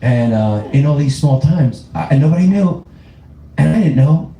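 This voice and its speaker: A man's voice: mid-range voice, lively intonation, moderate pace, mellow, faint music behind. A man doing a stand-up comedy set, riffing profanely and laughing through his own jokes. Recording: roomy club with live audience.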